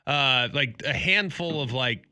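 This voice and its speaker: A man's voice: mid-range voice, a little slow, pushed and bright, clear, resonant tone, no room sound, studio quality. A man co-hosting a morning sports radio show, bantering casually and arguing with mock seriousness. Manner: joking, argues with mock seriousness. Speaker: radio sports talk co-host.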